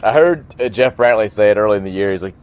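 A man's voice: lowish voice, expressive, fast, a little mellow. A man co-hosting a casual sports podcast, easygoing and teasing his friend. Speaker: podcast co-host.

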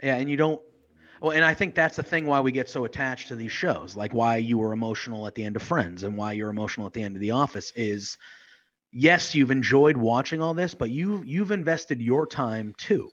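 A man's voice: mid-range voice, a little fast, a bit bright, muffled recording. A man co-hosting a casual podcast chat, talking in a rambling, heartfelt way with lots of fillers. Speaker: podcast co-host.

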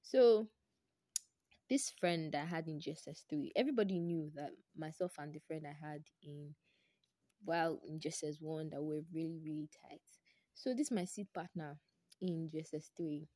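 A young woman with a Nigerian English accent tells a story from her own life on her podcast. Her voice sits low and has a mellow, soft tone. She is lively and exclamatory, and the sound is close and dry. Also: normal speed, dry recording. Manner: animated, exclamatory, repeats herself for emphasis. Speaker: podcast host.

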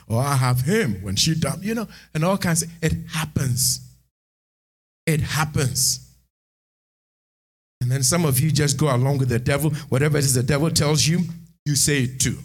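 A man preaching a sermon in church, animated, moving between hushed asides and shouted lines. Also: medium pitch, moderate pace, slightly rough. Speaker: pastor.

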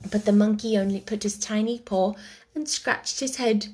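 A woman reading a children's book aloud chapter by chapter, soft and gentle, dropping to a whisper at tense moments. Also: mid-range voice, steady tone, moderate pace, husky. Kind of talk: chapter-by-chapter read-aloud storytelling.

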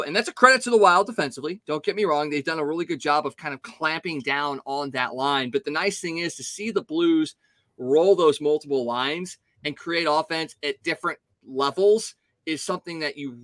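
A man co-hosting a sports podcast, giving animated, opinionated hockey analysis in casual talk. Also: fairly high pitch, no echo. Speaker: podcast co-host.

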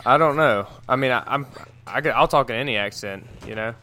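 A man's voice: mid-range voice, brisk, bright, forceful tone. A man co-hosting a podcast, answering hesitantly and joking around. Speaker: podcast co-host. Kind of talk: casual podcast banter.

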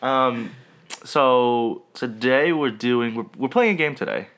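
A young man co-hosts a casual podcast from his bedroom. His voice has a bright, forward edge. He talks playfully and laughs often between his jokes. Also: medium pitch, takes it slowly. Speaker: podcast co-host. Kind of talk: casual chat.

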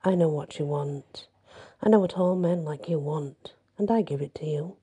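A woman voicing a seductive female huldra, a forest spirit luring a man, in a soft whispery voice. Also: low voice, normal speed, breathy edge.

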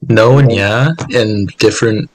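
A man from Canada with a somewhat low voice, dropping short, jokey remarks into a casual podcast chat with his friends. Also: measured pace, poor audio. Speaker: podcast co-host.

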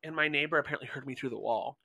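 A man co-hosting a casual podcast chat, telling animated, swear-laden stories. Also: mid-range voice, rapid-fire, gravelly, no echo. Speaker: podcast co-host.

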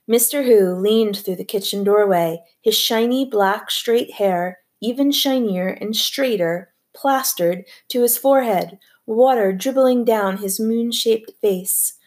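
A woman narrating a novel as an audiobook reader, with a measured, even storytelling delivery. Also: a little high. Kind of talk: scripted narration.

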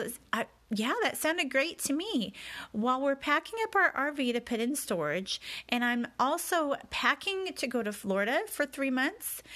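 A woman's voice: fairly high pitch, fairly bright tone. A woman telling a personal story in a candid, confessional, reflective way as a podcast host.

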